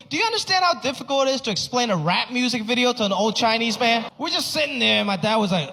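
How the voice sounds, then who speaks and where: A man doing stand-up on a comedy stage, telling exasperated stories with animated delivery. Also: high-pitched, racing, creaky, few pauses. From United States. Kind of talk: stand-up routine. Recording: echoey hall, faint noise.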